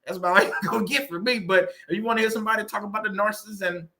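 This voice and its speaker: A Southern US man speaks in a fairly high, bright voice, rattling along quickly. He gives a casual, faith-based motivational vlog talk. He is chatty and repetitive and laughs often. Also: steady tone. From Southern United States. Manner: chatty, repetitive, laughing often, says "you know what I'm saying". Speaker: faith-based YouTuber and real estate agent.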